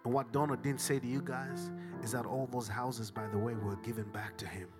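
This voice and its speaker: A middle-aged man from Africa with a Southern African accent, preaching a sermon, swinging from hushed whispers to shouted climaxes. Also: medium pitch, little pitch movement, a little fast, loud music behind the voice. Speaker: pastor.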